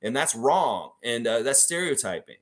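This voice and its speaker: A man's voice: mid-range voice, big pitch swings, moderate pace. A man hosting a live stream, reading viewer comments and rambling through his thoughts with frequent restarts. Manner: rambling, thinking aloud with restarts. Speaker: livestream host reading chat. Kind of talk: casual live chat.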